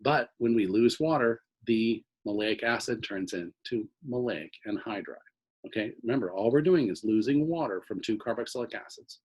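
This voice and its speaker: A man's voice: lowish voice, expressive, normal speed, a little mellow, breathy edge, poor audio. A man teaching organic chemistry in a recorded lecture, explaining step by step and often checking in with "okay?".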